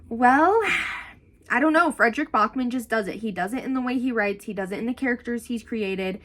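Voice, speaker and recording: A young woman book vlogger gives a gushing, casual book review outdoors in strong wind, rambling with lots of fillers. Her voice is a little high and fairly bright at a normal pace, and the audio is poor with wind noise.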